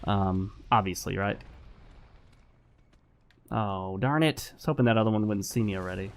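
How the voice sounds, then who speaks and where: A man's voice: fairly low pitch, moderate pace. Man lecturing over gameplay. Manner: lecturing, repetitive, talks while playing. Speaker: gaming channel host. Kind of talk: casual gameplay commentary.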